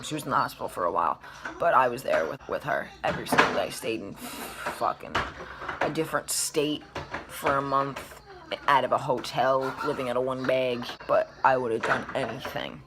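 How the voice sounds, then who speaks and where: A woman's voice: very deep voice, normal speed, heavy background noise. A young adult woman vlogger in a casual storytime chat, acting out quotes and swearing casually.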